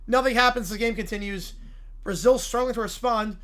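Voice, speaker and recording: A woman's voice: on the high side, brisk, a bit bright. A woman streamer narrating a comedic story game in a playful, chuckling way.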